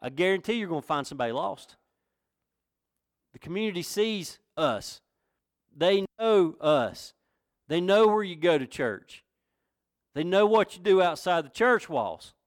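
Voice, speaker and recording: A man's voice: high-pitched, big pitch swings, measured pace, pauses often, no echo, studio quality. A man pastor from North Carolina with a Southern accent, preaching a sermon in a folksy, conversational way that rises to emphatic questions. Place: church.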